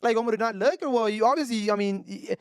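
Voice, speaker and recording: A man's voice: high-pitched, fast talker, clean tone, no room sound, studio quality. A young man telling a story on a podcast, casual and profane, switching between Spanish and English slang. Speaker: podcast co-host.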